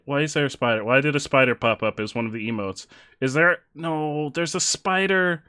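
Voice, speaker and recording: A man's voice: medium pitch, animated, a little fast, sharp tone, smooth, faint music behind. Joking male streamer chatting with viewers. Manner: joking, laughs often, reads chat aloud. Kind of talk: casual live-stream chat while gaming.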